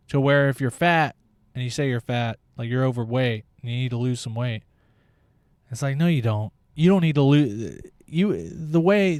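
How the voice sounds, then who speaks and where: A man's voice: medium pitch, darkish tone, no room sound, clean studio sound. A young man hosting a podcast, talking in a blunt, opinionated monologue and swearing freely. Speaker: podcast host. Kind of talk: casual monologue.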